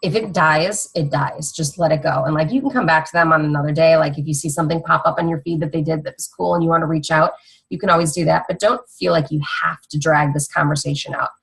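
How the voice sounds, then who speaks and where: A woman's voice: low-pitched, steady tone, fast talker, vocal fry, husky, poor audio. A young woman fitness coach giving a casual, rambling training talk to other coaches, teasing her co-host.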